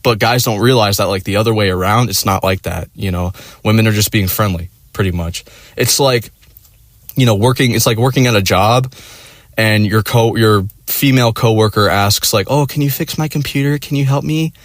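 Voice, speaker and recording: Speaking at normal speed with a lowish voice and no echo, a man recounts a story in casual chat. He swears constantly, rambles, and fills gaps with "like" and "you know," getting animated as he acts out his friends' quoted lines.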